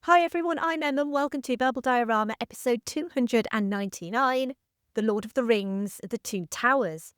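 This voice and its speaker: A woman's voice: fairly high pitch, normal speed, clear, resonant tone, dry recording, clean studio sound. Earnest woman hosting a film podcast. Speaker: podcast host. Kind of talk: scripted podcast narration.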